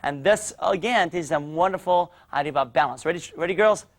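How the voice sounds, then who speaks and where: The energetic instructor of a kids' martial arts class barks out drills in a studio. He speaks briskly in a slightly high voice.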